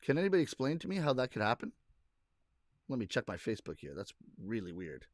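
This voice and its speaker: A man's voice: mid-range voice, huge pitch swings, fast, no echo. Chatty man with a dry close sound. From Canada. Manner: rambling, self-correcting, chuckling. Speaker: comedian hosting a weekly live stream. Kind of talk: casual chat reading viewer comments.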